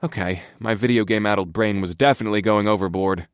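A man's voice: on the low side, fast talker, clear, resonant tone, no echo, clean studio sound. A man narrating a first-person fantasy audiobook in a wry, grumbling, understated manner.

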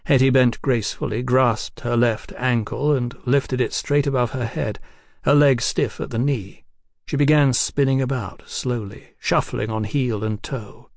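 A man giving a measured, unhurried scripted reading of a novel, recorded close on a studio mic. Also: medium pitch, steady tone, gravelly, no room sound. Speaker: audiobook narrator.

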